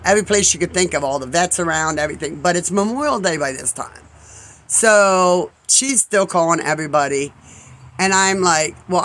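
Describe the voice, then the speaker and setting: A man's voice: a little high, sharp tone, rough recording. A man in his fifties telling a casual story in a rambling way, full of asides and acted-out quotes. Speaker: vlogger.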